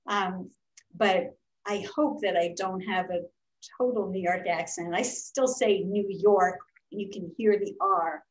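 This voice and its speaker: A woman's voice: mid-range voice, a little slow, rough recording. Chatty older American woman host. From Philadelphia, United States. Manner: chatty, tells stories, laughs at herself. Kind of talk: casual video chat.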